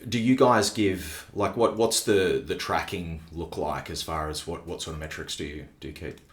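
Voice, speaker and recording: A man with a very deep voice hosts a relaxed podcast chat. He asks loose, rambling questions. His voice carries a noticeable room echo. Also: normal speed, slight background noise. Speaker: podcast host. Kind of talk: conversational podcast interview. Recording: roomy echo.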